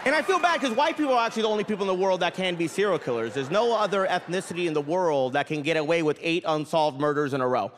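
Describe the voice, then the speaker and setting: A stand-up comedian with a high, bouncy voice works the room. His delivery swings all over the place, and he laughs through his punchlines. A loud crowd and heavy noise fill the live recording. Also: expressive, quick pace, hardly any pauses. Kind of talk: stand-up routine. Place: comedy club stage.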